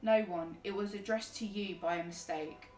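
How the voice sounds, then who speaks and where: A blustering, heavyset middle-aged man, put on by a woman reading a storybook aloud, all gruff snaps and barked orders. Her voice sits at a middle pitch and sounds roomy, as if the mic were a little way off, with soft music underneath. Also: a little slow, distant mic, close to an everyday voice. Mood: rattled.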